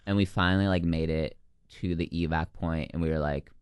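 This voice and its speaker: A man's voice: deep voice, steady tone, fairly quick, clear, resonant tone, no echo, clean studio sound. Rambling young man telling a camp story. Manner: rambling, heavy use of "like" and "um". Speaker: guest, former camp counselor. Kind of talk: casual storytelling.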